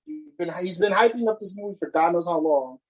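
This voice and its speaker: A man's voice: high-pitched, fairly quick, a little mellow, poor audio. A man co-hosting a casual podcast, ranting with frequent swearing and restarts. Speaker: podcast co-host.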